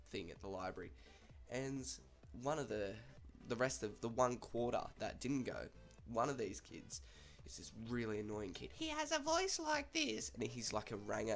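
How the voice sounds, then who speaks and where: A man's voice: fairly low pitch, gravelly. A young man with an Australian accent casually telling a school story, chatty and swearing freely.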